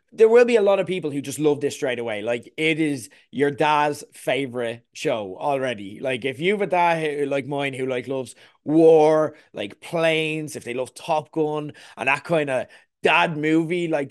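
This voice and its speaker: Rambling man reviewing TV. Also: fairly high pitch. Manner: rambling, lots of "like" fillers. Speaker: podcast co-host. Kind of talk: casual TV review chat.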